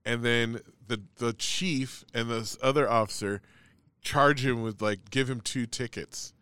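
A man's voice: mid-range voice, steady tone, a little slow, bright, forceful tone, clear, resonant tone, no echo, studio quality. A man in casual chat, telling a long story in a rambling way, full of "like" and swearing.

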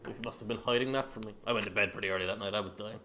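A man co-hosting a casual podcast, talking rapidly and teasing his partner with frequent laughs. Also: fairly low pitch, bright, forceful tone. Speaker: podcast co-host. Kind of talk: casual chat. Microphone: podcast microphone.

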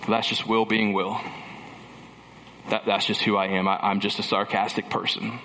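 A man's voice: fairly low pitch, flat delivery, moderate pace, pushed and bright. A man preaching a sermon in a church, emphatic, building through repeated phrases, with dry sarcastic asides. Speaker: pastor. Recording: long reverb of a large hall with faint background noise.

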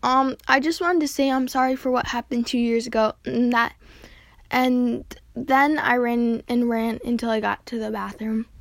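A woman reading her own story aloud, halting with frequent slips and restarts. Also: a little high, fairly even intonation, vocal fry, dry recording. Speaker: reader.

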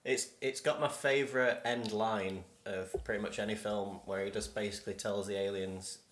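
A man's voice: lowish voice, steady tone, moderate pace, a bit bright. A man co-hosting a casual film chat, jokey and laughing, with a habit of doing silly voices. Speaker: podcast co-host. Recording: echoey room, faint noise.

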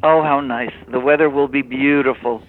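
An older man chats warmly over a thin, tinny phone line and tells stories with gushing enthusiasm. His voice sits at an ordinary pitch, and the telephone squeezes its sound into a narrow band. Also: fairly even intonation, normal speed. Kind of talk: casual phone chat.

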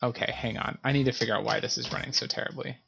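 A woman's voice: a bass voice, fairly even intonation, racing, vocal fry. A woman playing a visual novel game, chatting casually, reading the text aloud and grumbling. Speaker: gamer streaming a visual novel. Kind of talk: casual let's-play narration.

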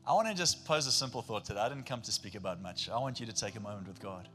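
A male pastor with a South African accent preaching a sermon, telling stories with animation and swinging between a hush and a shout. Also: on the low side, animated, fast talker. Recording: long hall reverb with faint music.

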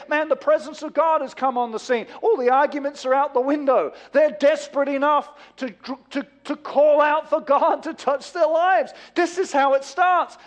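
High-pitched preacher with swelling emphasis. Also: male voice, fairly even intonation, moderate pace, few pauses. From England. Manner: rising to emphatic bursts, then dropping low and quiet. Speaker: pastor. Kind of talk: sermon.

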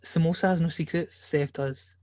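A man's voice: on the high side, steady tone, moderate pace, a little mellow, no echo. A man hosting a podcast in casual chat, a joking, rambling storyteller who swears freely. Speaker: podcast host.

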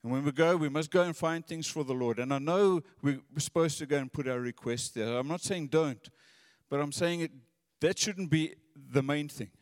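A man's voice: a little high, moderate pace, few pauses, dry recording, studio quality, in a large hall. A man preaching a sermon in an earnest, conversational way, often repeating his words.

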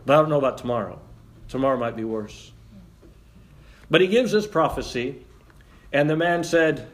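A man preaching a sermon as pastor, joking with the congregation and reading scripture aloud in an animated way. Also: mid-range voice, moderate pace, long pauses, a little hiss or hum.

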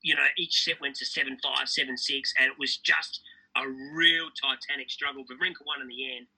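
Aussie commentator guy on an interview, keen and rambling, really bright sharp tone with a husky edge. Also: mid-range voice, steady tone, poor audio. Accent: Australian. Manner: enthusiastic, fast storytelling with repeated restarts. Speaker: tennis commentator guest. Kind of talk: casual interview chat.

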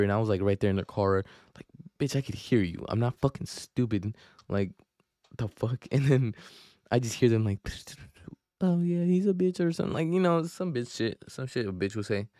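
A young man rambles through a profane, slang-heavy story, often restarting his sentences. His voice sits low, and the recording is dry and close with no room sound. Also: darkish tone, dry recording. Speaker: podcast host. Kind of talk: casual storytelling.

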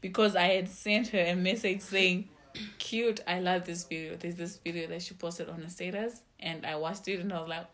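A woman's voice: fairly low pitch, steady tone, moderate pace, a bit bright. Playful woman hosting a casual podcast. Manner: playful, teasing, hyping her co-host. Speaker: podcast host. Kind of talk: casual chat.

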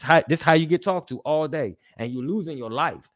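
A man's voice: on the high side, fairly quick. Emotional, apologetic male podcast co-host. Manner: emotional, apologetic, profane, repetitive. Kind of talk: emotional personal monologue.

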